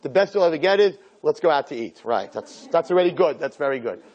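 A man who is a rabbi, giving a lively Torah lecture to a group, acting out little dialogues and firing off rhetorical questions. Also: fairly high pitch, quick pace, lo-fi sound.

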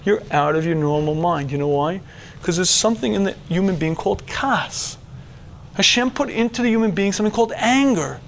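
Middle-aged guy giving a religious talk to a room of men, fairly high voice, goes from hushed to shouting acting stuff out. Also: animated, brisk, creaky, a little hiss or hum. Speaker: religious teacher. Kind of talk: lecture to a men's audience.

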